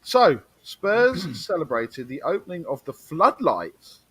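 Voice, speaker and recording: Chatty man, higher voice. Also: big pitch swings, slow, a bit bright, husky, no echo. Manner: chatty, stumbling and repeating himself. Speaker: podcast co-host. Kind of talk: casual chat reading football history.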